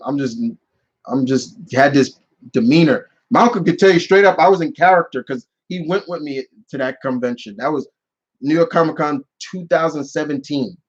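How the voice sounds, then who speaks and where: A man's voice: on the high side, moderate pace, breathy edge, muffled recording. A man hosting a live question-and-answer stream, telling stories in a rambling casual way with many restarts.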